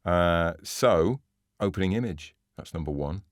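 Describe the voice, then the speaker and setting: Deep-voiced deadpan man. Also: a little slow, no room sound. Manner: dry, deadpan teasing. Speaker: podcast co-host reviewing a book. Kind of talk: casual chat.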